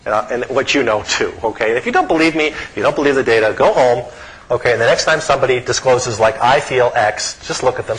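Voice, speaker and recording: Man, middle-aged, psychology professor, lecture, animated, chuckling, frequent "okay?", mid pitch. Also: a little hiss or hum, poor audio.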